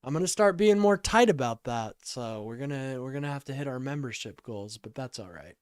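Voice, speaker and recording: Brief: tired man hosting a call-in stream, smooth voice, dry close sound, rambling and apologetic. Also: mid-range voice, expressive, brisk, no echo. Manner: rambling, apologetic, reads chat aloud. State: sleepy, yawning. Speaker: livestream call-in host. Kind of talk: casual livestream chat.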